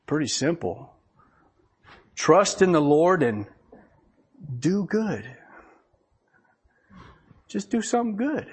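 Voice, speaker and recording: A man's voice: a little high, sing-song, slow, pauses often, slightly rough. A man preaching a conversational sermon, folksy and chuckling often as he reads scripture aloud. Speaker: pastor.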